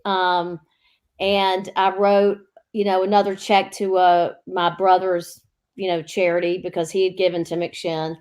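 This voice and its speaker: A woman speaking softly in a casual chat, with brief agreeing replies. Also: lowish voice, little pitch movement, measured pace.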